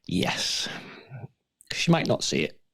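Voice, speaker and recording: A man's voice: slow pace, fairly bright tone. A man, a regular panelist, making wry, matter-of-fact asides in casual pub banter.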